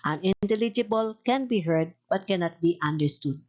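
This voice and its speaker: A woman giving scripted instructional narration, reading rules and examples in a steady, literal way. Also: mid-range voice, moderate pace, lo-fi sound. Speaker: narrator of a research-methods tutorial.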